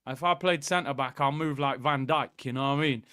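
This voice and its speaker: A man's voice: mid-range voice, fairly quick, clear, resonant tone, no echo, studio quality. A man hosting a football watchalong, joking and ranting to his viewers in casual chat. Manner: joking, animated rant, keeps addressing viewers as "people". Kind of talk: casual fan commentary to a live chat.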